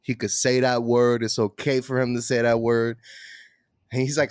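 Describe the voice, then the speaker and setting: A man's voice: medium pitch, little pitch movement, normal speed, a little mellow, dry recording, studio quality. A man co-hosting a podcast, telling a long story in a loose, casual way with plenty of swearing. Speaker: podcast co-host. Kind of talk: casual chat.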